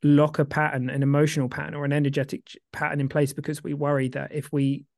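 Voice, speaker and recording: A man co-hosting a casual podcast, rambling with many restarts and getting excitable when he warms to a point. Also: a little high, fast talker, creaky, no echo, studio quality. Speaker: podcast co-host.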